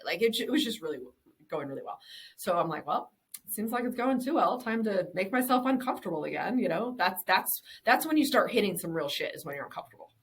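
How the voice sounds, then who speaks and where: A woman's voice: on the low side, a bit bright. A woman in her thirties, a business owner and interview guest, chatting casually and candidly, swearing freely and laughing often.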